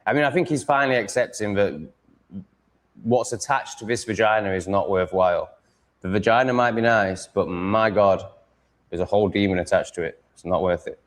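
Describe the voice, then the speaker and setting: A man's voice: lowish voice, normal speed. Sweary man ranting at home. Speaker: vlogger setting up a live stream. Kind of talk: casual monologue.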